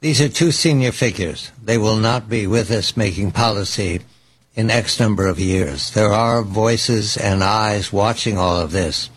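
Husky-voiced male host moderating. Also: fairly low pitch, unhurried. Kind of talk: moderating a panel.

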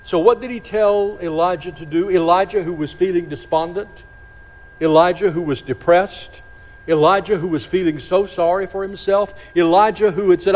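A man preaching a sermon, dramatic, slowing and dropping to a hush on key phrases. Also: sits high. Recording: long hall reverb.

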